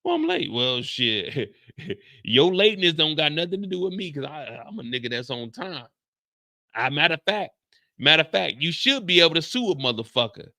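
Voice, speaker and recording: A man hosting a casual show recap, telling stories loudly with lots of profanity and acting out the dialogue. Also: fairly high pitch, normal speed, no room sound, clean studio sound. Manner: loud, profane, animated, acts out dialogue. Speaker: show host.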